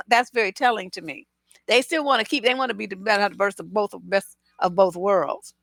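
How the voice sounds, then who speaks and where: A woman's voice: a little high, fairly bright tone, no room sound. A woman relationship coach giving blunt, profane, sarcastic commentary, reading out comments and answering them. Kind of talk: opinionated commentary.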